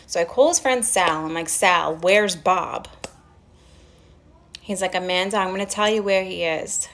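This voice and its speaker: A young woman with a thick Staten Island New York accent talks through a story on her livestream, animated and quick to curse. She breaks off now and then to greet her chat. Faint noise hums under her phone mic. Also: medium pitch. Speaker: livestream host.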